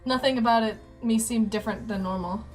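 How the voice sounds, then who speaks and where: A woman's voice: a little high, fast, darkish tone, soft background music. A woman reading a visual novel aloud and chatting, dry and teasing. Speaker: game player, reader.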